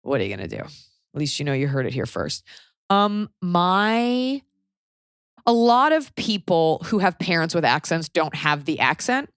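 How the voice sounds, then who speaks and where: A woman's voice: fairly low pitch, big pitch swings, unhurried, smooth, no echo, studio quality. A woman from Texas with a light Texan accent, hosting a podcast in casual, rambling chat full of fillers. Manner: chatty, lots of likes and fillers. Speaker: podcast host.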